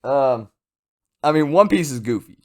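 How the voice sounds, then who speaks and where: A man giving a casual, rambling video review of a comic chapter, chatty and lively. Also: mid-range voice, a little slow. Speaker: manga reviewer.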